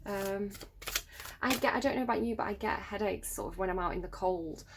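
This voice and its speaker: A woman's voice: mid-range voice, fairly quick, background noise. Musing woman tarot reader. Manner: musing, thinks aloud with many fillers. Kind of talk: tarot reading to camera. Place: home room near a road.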